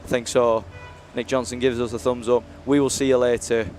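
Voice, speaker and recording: A man's voice: mid-range voice, flat delivery, fairly quick, a little mellow, a little hiss or hum. A young man commentating live on a university ice hockey stream, chatty and jokey as he rambles between games.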